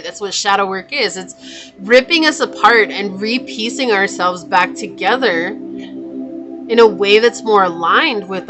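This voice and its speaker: A woman giving a casual spoken tarot reading, chatty and reassuring, with many fillers and restarts. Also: mid-range voice. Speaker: tarot reader. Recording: music playing behind the voice.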